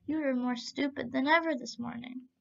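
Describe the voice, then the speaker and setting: A woman voicing a spoiled, excitable young rich man who exclaims and laughs often. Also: high voice, moderate pace, gravelly. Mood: excited. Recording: dull lo-fi recording.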